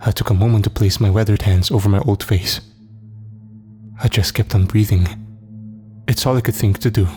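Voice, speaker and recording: A man with a low, mellow voice tells a first-person horror story in a steady, somber read. Faint music sits under the narration.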